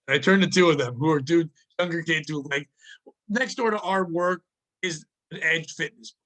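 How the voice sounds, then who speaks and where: A man co-hosting a podcast, telling work stories in a casual, profane, animated way and acting out the people in them. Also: on the high side, moderate pace, rough recording. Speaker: podcast co-host. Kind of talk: casual storytelling chat.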